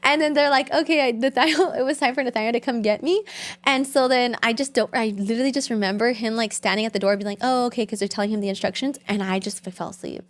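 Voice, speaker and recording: A woman's voice: on the high side, fast talker. A woman guest telling stories in casual podcast chat, full of "like" and quoted dialogue. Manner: chatty storytelling full of "like".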